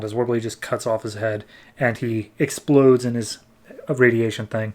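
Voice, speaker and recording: A man's voice: medium pitch, steady tone, moderate pace, a little mellow. A man hosting a comic review podcast, recapping a comic casually and rambling with many "like"s. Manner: rambling, lots of "like", acts out characters.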